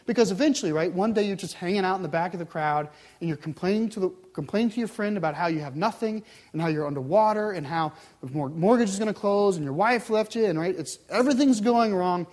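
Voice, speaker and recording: A male pastor delivering a sermon, swinging between loud, urgent passages and hushed, intense ones. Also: high voice, fast talker, hardly any pauses.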